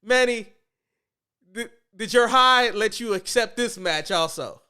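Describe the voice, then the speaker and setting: A man co-hosting a casual wrestling podcast, animated and quick to laugh. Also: very high-pitched, clean tone. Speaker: podcast co-host.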